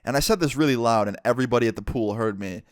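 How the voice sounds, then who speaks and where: A young man telling a personal story to camera in a casual, profane, animated way. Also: mid-range voice, racing, dry recording, studio quality. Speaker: vlogger. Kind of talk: storytime narration.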